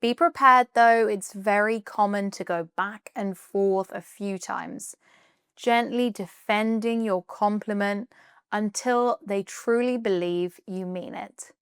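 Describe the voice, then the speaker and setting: A British woman presenting a scripted English lesson, explaining clearly and reading out example phrases. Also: medium pitch, steady tone, slow, no room sound, clean studio sound. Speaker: English teacher.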